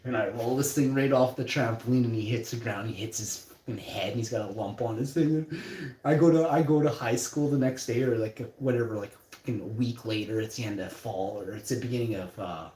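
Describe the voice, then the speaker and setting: Young guy, mid-pitched, loose and profane anecdote style, echoey room. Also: brisk. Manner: rambling, profane, animated. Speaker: storyteller. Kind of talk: casual storytelling. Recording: roomy echo.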